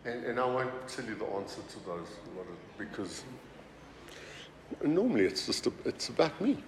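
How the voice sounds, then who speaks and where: A man preaching a sermon as pastor, talking in a conversational, animated way with many asides. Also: mid-range voice, moderate pace, slight background noise. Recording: roomy hall reverb, faint ambience.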